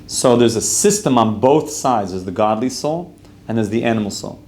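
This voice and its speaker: In a roomy, echoing space with faint room noise, a man leads a casual Torah class full of storytelling. His voice sits on the low side, expressive and a little mellow, at a normal pace, and he chats loosely while posing questions to his group.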